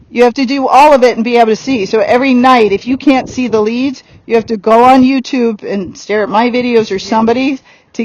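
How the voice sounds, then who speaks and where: High-voiced woman coaching a riding lesson. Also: a little mellow, poor audio. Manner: direct coaching with quick laughs. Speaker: horse trainer.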